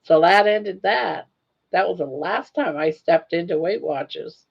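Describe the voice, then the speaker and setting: A woman's voice: on the low side, expressive, a little slow, creaky, slightly rough, dull audio. An older woman hosting a casual livestream, telling stories in a chatty way and laughing often. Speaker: livestream host. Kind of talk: casual chat.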